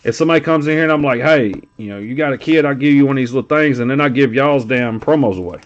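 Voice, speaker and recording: A man's voice: mid-range voice, fast, dull audio. A man streaming live as he opens card packs, talking loosely and teasing a viewer. He swears freely and keeps the banter going. His voice sits in an ordinary middle range. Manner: teasing, profane, joking. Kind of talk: casual live-stream chat.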